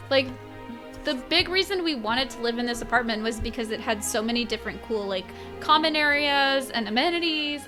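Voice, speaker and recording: Young woman streamer, high bright voice, chatty and giggly, faint music under her. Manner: chatty, giggly, talks to chat. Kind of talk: live gameplay commentary.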